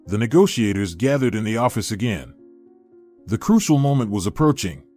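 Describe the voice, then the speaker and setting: A man narrating a scripted story in a measured storytelling manner. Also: fairly low pitch, big pitch swings, a little mellow. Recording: dry studio voice with faint music.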